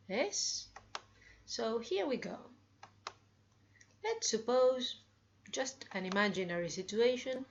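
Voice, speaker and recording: Slow, deliberate woman teaching English. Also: medium pitch, highs cut off, slight background noise. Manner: slow, deliberate, asks learners rhetorical questions. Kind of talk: slow classroom explanation.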